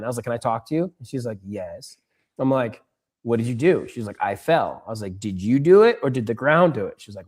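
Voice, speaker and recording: A man's voice: mid-range voice, darkish tone. A young adult man on a podcast, telling anecdotes about his daughter and acting out her lines. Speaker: podcast co-host. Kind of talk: casual chat.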